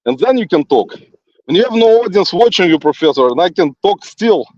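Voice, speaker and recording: A man with a non-native English accent rambles on while walking outdoors, teasing an absent critic and chuckling between thoughts. His voice sits a little high, and the sound is dull and lo-fi, dry, with no room around it. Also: sing-song, fairly quick, a little mellow, no room sound. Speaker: livestream host. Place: outdoors in a forest.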